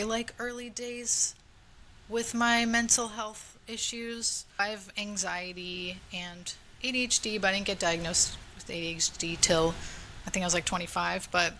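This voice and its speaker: A woman's voice: mid-range voice, steady tone, normal speed, pushed and bright. A young woman co-hosting a podcast, recounting a show in chatty storytelling full of "like," and opening up about her own life. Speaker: podcast co-host. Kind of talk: casual chat. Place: home room.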